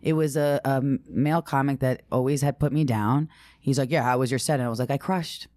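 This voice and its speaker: A woman with a low voice, recorded close and dry, chats casually as a podcast guest. She tells stories animatedly, slipping into other people's voices and swearing without a second thought. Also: a little fast, dry recording. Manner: animated storytelling, acts out quotes, swears casually.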